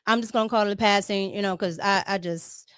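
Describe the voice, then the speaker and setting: A woman's voice: medium pitch, fairly even intonation, brisk, fairly bright tone, clear, resonant tone, no room sound, studio quality. A woman hosting a casual political livestream, talking emphatically, repeating herself and tagging her points with "okay?". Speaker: political commentary host.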